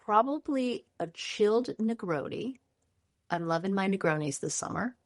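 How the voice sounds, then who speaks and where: A woman's voice: mid-range voice, expressive, normal speed, dry recording, clean studio sound. A woman in her fifties, a chef guest on a podcast, chatting in a bubbly way and describing food lovingly. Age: 50s. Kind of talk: casual interview chat.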